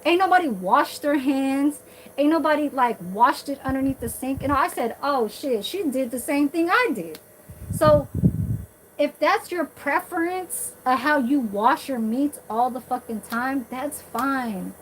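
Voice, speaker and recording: Casting: woman vlogger, slightly high voice, blunt and cussing, rambling casual monologue over a noisy background. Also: lively intonation, unhurried. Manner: blunt, profane, rambling with many fillers.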